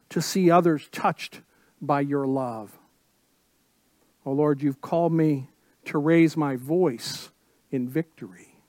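A man preaching a sermon as pastor, emphatic and full of repeated phrases, dropping suddenly to soft tones. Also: fairly high pitch, takes it slowly, no room sound, clean studio sound.

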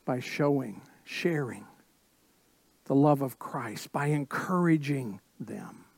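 Slow, emphatic preaching man. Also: mid-range voice, animated, creaky, husky, no echo. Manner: slow, emphatic preaching with repeated phrases and sudden soft drops. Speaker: pastor. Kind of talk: sermon.

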